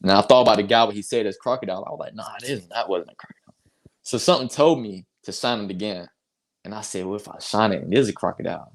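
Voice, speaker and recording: A man's voice: on the low side, fast. A young man from North Carolina, a basketball player telling a story in a casual interview, acting out quotes and laughing.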